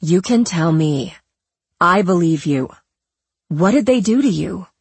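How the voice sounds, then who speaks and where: A woman's voice: fairly low pitch, expressive, unhurried, slightly rough, no echo, exaggerated voice. A woman voicing an eager woman reporter who speaks in a coaxing, reassuring way.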